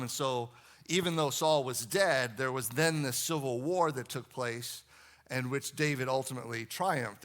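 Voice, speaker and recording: Bright-voiced man preaching a sermon. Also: medium pitch. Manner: conversational storytelling with asides to the congregation. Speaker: pastor.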